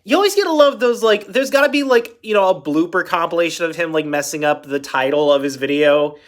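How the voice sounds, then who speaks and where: A man's voice: a little high, animated, fairly quick. An upbeat man hosts a reaction video in a loose, casual way. He rambles and keeps correcting himself mid-sentence. His voice now and then cracks.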